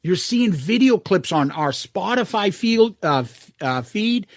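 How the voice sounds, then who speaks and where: A man's voice: high voice, very animated, a little slow, dry recording, clean studio sound. A man co-hosting a podcast in casual, profane chat, often laughing and mimicking angry commenters. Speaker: podcast co-host.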